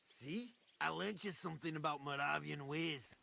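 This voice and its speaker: An actor playing a blunt, taunting male soldier with a Scottish accent and a gravelly voice. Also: a little high, moderate pace, sharp tone, slight background noise, exaggerated voice. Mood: gruff. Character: gruff brawling male soldier who mocks newcomers.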